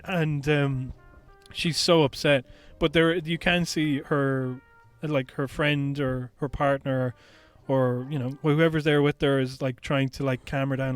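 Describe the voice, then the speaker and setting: A man's voice: mid-range voice, level tone, a little slow, hardly any pauses, faint music behind. A man co-hosting a podcast, telling stories in an earnest, reflective way with lots of "like" and "you know". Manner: earnest, reflective storytelling with many fillers. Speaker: podcast co-host. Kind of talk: casual chat.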